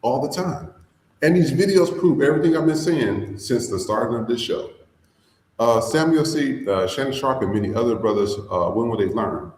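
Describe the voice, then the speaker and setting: A man's voice: mid-range voice, expressive, normal speed, darkish tone, reverberant, low-quality recording. Blunt, profane man hosting a podcast. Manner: blunt and profane, drawling with fillers. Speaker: podcast host. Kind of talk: casual commentary.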